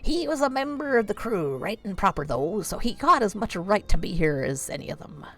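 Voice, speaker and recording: A woman voicing a gruff, secretive old sea captain who drawls in salty sailor slang. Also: mid-range voice, very animated, fairly quick, soft background music. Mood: gruff, guarded.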